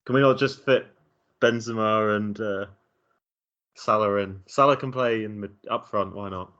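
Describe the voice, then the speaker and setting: A man's voice: fairly low pitch, normal speed, a bit bright, muffled recording. A man co-hosting a casual football podcast over a call, teasing with dry jokes. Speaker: podcast co-host.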